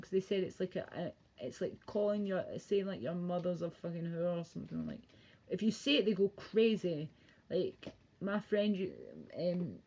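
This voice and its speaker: A woman's voice: fairly low pitch, dark tone, slightly rough. A young woman chatting casually and crudely on a home live stream, rambling and laughing. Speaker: livestreamer. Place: home bedroom. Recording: dull lo-fi stream audio.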